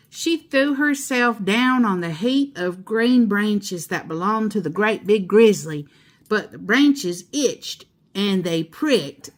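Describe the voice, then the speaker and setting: Woman storyteller, children's read-aloud, slow and expressive, mid pitch. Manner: slow, expressive, laughing asides. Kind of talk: reading a children's book aloud.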